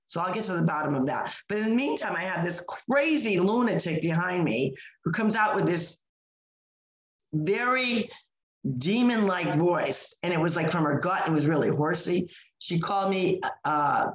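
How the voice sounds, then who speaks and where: A woman's voice: on the low side, lo-fi sound. A woman co-hosting a podcast, telling an indignant story in casual chat, full of fillers and restarts. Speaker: podcast co-host. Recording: echoey room.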